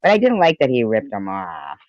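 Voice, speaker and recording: A woman's voice: a bass voice, wildly swooping pitch, brisk, highs cut off. A woman hosting a casual live-stream chat with crude, giggly banter over an online call setup. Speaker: host.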